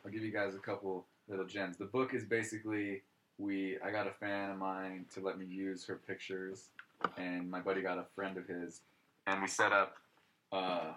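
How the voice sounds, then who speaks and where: A man's voice: low voice, level tone, normal speed, pushed and bright, slight background noise. A male comedian telling rambling, profane stories in casual podcast chat.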